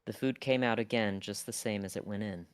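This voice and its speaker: A man with a very low voice reads a classic novel aloud for his livestream, stumbling over wording and restarting lines now and then. He is recorded close to the mic, so the sound is completely dry, with no room echo at all. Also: fairly even intonation, brisk, clean tone. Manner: casual reading with stumbles and blunt asides. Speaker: streamer.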